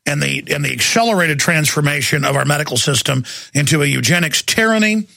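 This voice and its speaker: A man's voice: fairly high pitch, lively intonation, brisk, vocal fry, sharp tone, dry recording. A man hosting a talk radio show, ranting in an indignant, sarcastic monologue from a studio.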